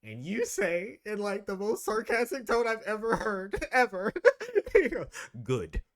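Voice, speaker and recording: A man co-hosts a casual podcast with friends, retelling a story through frequent giggles. He talks slowly with a bright tone, and his pitch swings wildly. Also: big pitch swings. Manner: giggly, recounting with quoted bits. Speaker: podcast co-host. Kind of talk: casual chat among friends.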